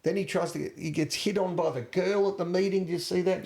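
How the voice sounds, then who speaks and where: A man's voice: high-pitched, fairly quick, vocal fry. A man co-hosting a casual film-review podcast, telling stories with feeling and tossing in rhetorical questions. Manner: animated, emotional storyteller with rhetorical questions. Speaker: podcast co-host.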